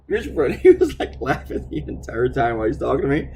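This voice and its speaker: Animated rambling male cartoonist. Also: mid-range voice, a little fast, vocal fry, husky. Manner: rambling, animated storytelling with frequent fillers and swearing. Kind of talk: casual chatty video diary.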